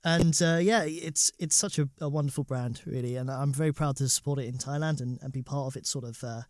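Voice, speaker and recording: A man's voice: mid-range voice, brisk, a little mellow. A male host thanks his guest and moves on to the next question. He speaks in an appreciative tone with small hesitations. The recording is dry, with no room echo. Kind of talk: interview hosting.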